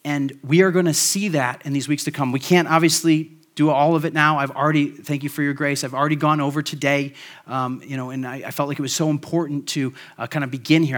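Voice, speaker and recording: A man's voice: a little high, a bit bright. Man preaching a casual sermon. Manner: conversational, frequent fillers, prays to close. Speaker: pastor.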